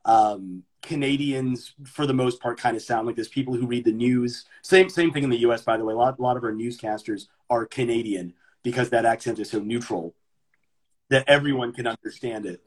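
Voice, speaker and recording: Brief: young mid-Atlantic American guest, husky voice, relaxed and explanatory. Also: male voice, mid-range voice, normal speed. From Maryland, US. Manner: relaxed explaining with many examples, repeats words on restarts. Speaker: guest, English teacher and voice actor. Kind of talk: casual podcast conversation.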